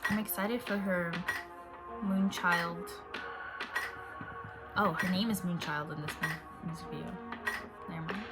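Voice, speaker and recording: A young woman talking casually as she reacts to a music video, chatty and quick to exclaim at what she sees. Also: lowish voice, fairly even intonation. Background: faint music from the video.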